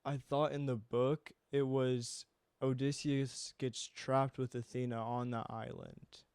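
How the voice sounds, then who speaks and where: A young man talking through a film in loose, rambling podcast chat, with the odd swear. His voice is smooth and resonant, and his pitch sits mid-range. The sound is close and dry. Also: level tone, slow, darkish tone, no echo. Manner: casual, rambling, swears freely. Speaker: podcast co-host. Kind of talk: casual chat.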